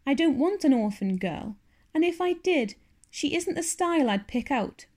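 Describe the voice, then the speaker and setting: A woman voicing a stern, sharp-tongued older spinster in a storybook reading. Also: high voice, very animated, moderate pace, pitched above the performer's own voice. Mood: stern, scolding. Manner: curt, stern, scolding.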